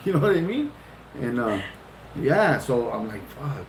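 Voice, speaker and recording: Profane, animated man telling a story. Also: unhurried, slight background noise. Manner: animated, profane, laughing often, jumps into high-pitched retellings. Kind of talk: casual storytelling. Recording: roomy echo.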